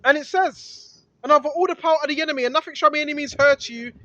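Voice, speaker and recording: Speaking at a quick pace in an extremely high pitch, this street preacher reads from scripture informally and repeats himself more and more emphatically, building to shouts. Faint noise runs through the dull, lo-fi audio.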